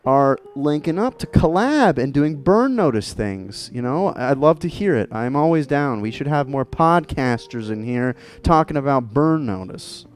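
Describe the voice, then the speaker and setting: Animated playful man streaming. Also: medium pitch, measured pace, hardly any pauses. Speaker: streamer host. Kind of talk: casual livestream chat.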